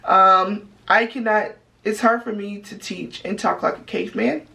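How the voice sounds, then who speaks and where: A woman's voice: mid-range voice, unhurried, creaky, low-quality recording. An American woman who teaches English, chatting casually and acting out the voices she quotes. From United States. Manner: lively, acts out quoted voices. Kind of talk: casual chat.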